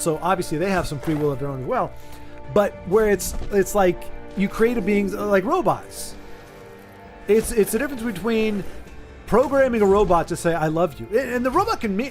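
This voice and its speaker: A man hosting a casual chat, rambling and restarting his sentences as he talks through an idea. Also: high voice. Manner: rambling, many restarts and repeated words. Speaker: streamer host.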